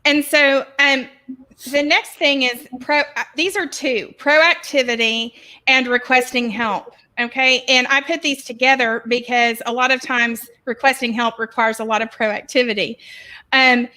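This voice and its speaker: A woman's voice: sits high, steady tone, measured pace, bright, forceful tone, low-quality recording. A woman giving an encouraging, teacherly webinar presentation about raising kids. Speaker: educator presenter.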